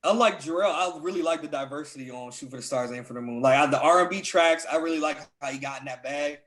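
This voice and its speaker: A man's voice: fairly high pitch, fast talker, fairly bright tone. A young man co-hosting a podcast, chatting casually with friends in a loose, filler-heavy way. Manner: loose, filler-heavy, enthusiastic about music. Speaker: podcast co-host. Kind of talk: casual chat.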